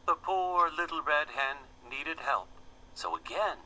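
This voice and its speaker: A man reading a children's fable aloud in a gentle, expressive storybook manner. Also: on the high side, slow pace, rough recording.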